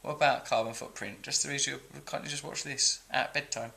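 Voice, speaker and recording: A man's voice: medium pitch, steady tone, fairly quick, vocal fry, low-quality recording. An English man in his forties hosting a show, reading out viewer comments with cheeky, mock-indignant asides. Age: 40s. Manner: cheeky, mock-indignant, jumps between loud outbursts and mumbled asides.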